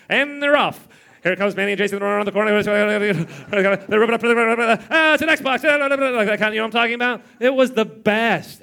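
A man's voice: sits high, fairly bright tone. A man in his thirties preaching a sermon in church, telling stories with playful mimicry and chuckles. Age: 30s. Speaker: pastor.

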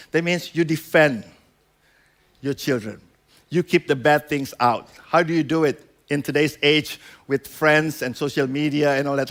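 Male pastor, high-pitched, chatty sermon delivery with acted-out quotes. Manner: conversational preaching with frequent "right?" and "you know"; acts out quoted voices.

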